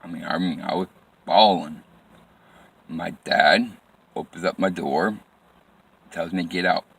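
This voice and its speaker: A man telling a personal story from his life in plain, halting phrases with frequent restarts and repetition. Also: sits low, gravelly, a bit bright, breathy edge.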